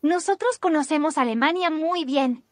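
A female text-to-speech voice from a language app, reading example sentences in a crisp, even way. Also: sits high, fairly quick, a little hiss or hum, lightly acted. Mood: neutral. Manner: crisp, even, machine-read delivery.

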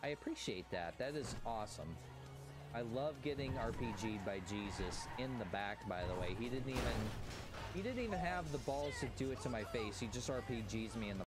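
A man's voice: mid-range voice, big pitch swings, brisk, over loud music. A man streaming a game live, chatting casually, laughing and swearing as he plays. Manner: laughs a lot, swears, banters with chat.

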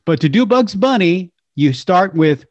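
Older male storyteller, animated and playful, raised pitch, dull lo-fi dry sound. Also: unhurried, no echo. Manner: lively, slips into character voices. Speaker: voice actor and impressionist guest.

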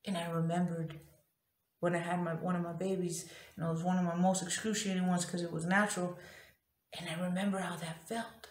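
A woman's voice: fairly low pitch, little pitch movement, fairly quick, reverberant. A woman telling a personal story in a raw, profane, emotionally open confessional way. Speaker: vlogger.

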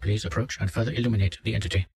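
A measured, clinical research doctor in an audio drama. His voice is slightly low and husky. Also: fairly even intonation, a little mellow. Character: calm male research doctor at control.

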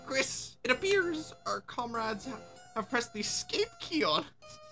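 A woman's voice: on the high side, sing-song, measured pace, bright, forceful tone, faint music behind, voice pushed up, heavily acted. A woman voicing a pompous, know-it-all young male bird in a video game, speaking in a grandiose, theatrical way.

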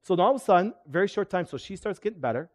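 In rapid-fire, high-pitched speech, a middle-aged male chiropractor runs a live seminar on health. He's animated and keeps firing questions at his audience.

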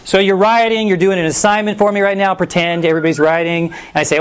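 Energetic male teacher with a high voice. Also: smooth. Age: middle-aged. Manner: energetic, brisk, playful commands. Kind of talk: classroom instruction. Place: classroom.

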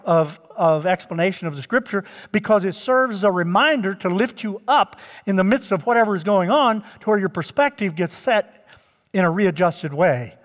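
A male pastor preaching a sermon to his congregation, drawing out key words and addressing them directly. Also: high-pitched. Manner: emphatic, draws out key words. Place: church sanctuary. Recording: long church reverb.

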